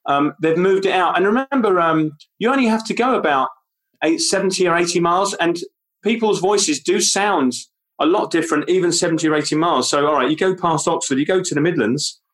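A man with a London accent, chatting casually as a guest, animated and rambling. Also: on the high side, a little fast. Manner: animated, rambling, does impressions. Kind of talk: casual interview chat.

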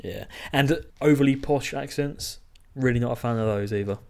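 A man's voice: mid-range voice, normal speed, darkish tone. A man from England co-hosting a podcast, chatting casually with blunt opinions and frequent laughter. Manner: laughing, blunt, swears freely. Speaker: podcast co-host. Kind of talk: casual chat.

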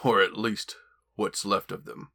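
A man's voice: lowish voice, flat delivery, a little slow, gravelly, pushed and bright, heavily acted. A man voicing a cruel, one-eyed alien warrior who speaks in a menacing growl.

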